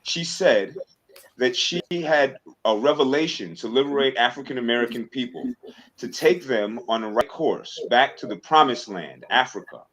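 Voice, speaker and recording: A man's voice: medium pitch, lively intonation, moderate pace, fairly bright tone. A man hosting a livestream, hesitant and full of fillers, then reading a passage aloud. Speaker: livestream host.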